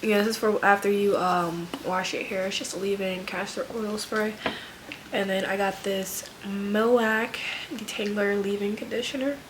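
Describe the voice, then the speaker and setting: Casting: woman, mid-pitch, stuffy and nasal from a cold, loose rambling haul-vlog delivery, noticeable background hiss. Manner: rambling, filler-heavy, laid-back. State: stuffy nose. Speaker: vlogger, full-time nurse. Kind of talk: casual haul chat.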